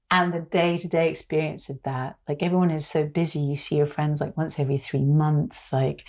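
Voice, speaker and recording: A woman's voice: deep voice, normal speed, hardly any pauses. A woman, a podcast guest telling stories in a casual, emotional way, full of fillers. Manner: emotional, animated, filler-heavy storytelling. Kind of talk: casual conversation.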